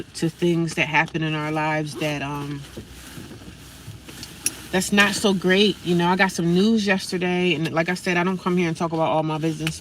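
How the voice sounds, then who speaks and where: A woman vlogs from her car at a gas station, her voice bright and sharp-edged. She rambles in a chatty, self-encouraging way, speaking to viewers as friends. The phone sits a little away from her, with faint traffic hum behind. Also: fairly low pitch, distant mic, rough recording. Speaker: vlogger. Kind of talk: casual vlog talk to viewers.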